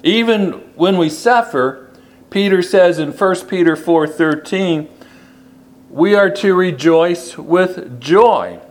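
A man preaching a sermon, slow and deliberate, repeating key phrases for emphasis. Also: sits high, animated.

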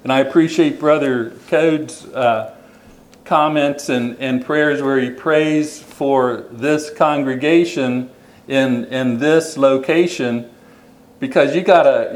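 A man preaching to his congregation in a plain, unhurried way, his voice sitting at an everyday middle pitch. He restates his points and makes gentle, earnest appeals. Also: poor audio. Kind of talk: sermon with closing invitation. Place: church hall.

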